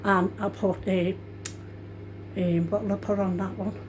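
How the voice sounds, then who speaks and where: Older scouse nan chatting away while she cooks, mid pitch, keeps correcting herself, phone mic in the kitchen with a bit of hiss. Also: level tone, unhurried. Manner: chatty, rambling, self-correcting. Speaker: home cook, grandmother. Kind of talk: casual cooking vlog. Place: home kitchen.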